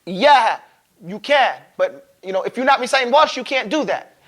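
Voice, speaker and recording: High-voiced man teaching Quran recitation. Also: animated, a bit bright. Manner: casual, joking, quizzes students, models words slowly. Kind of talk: classroom teaching of recitation rules. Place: classroom.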